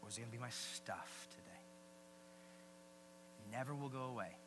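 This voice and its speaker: A man preaching a sermon as pastor, energetic and repetitive, with joking asides. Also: mid-range voice, moderate pace, noisy background.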